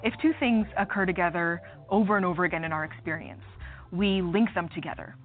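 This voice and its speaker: A woman psychologist explaining ideas in a measured, clear way during an interview clip. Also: fairly low pitch. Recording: tinny clip with music behind.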